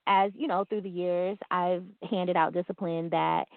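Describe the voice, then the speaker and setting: A woman's voice: lowish voice, fairly even intonation, a little slow, vocal fry. A woman in casual conversation, telling a family story and acting out the quotes with laughs. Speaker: guest. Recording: tinny phone-like line.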